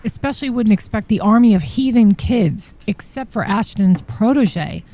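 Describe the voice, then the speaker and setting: A woman hosts a true crime live stream, reading text messages aloud and breaking in with shocked remarks. Her voice is mellow and warm, at a middle pitch. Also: expressive, normal speed. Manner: reads texts aloud with shocked asides. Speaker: true crime podcast host. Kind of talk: live-stream commentary reading trial exhibits.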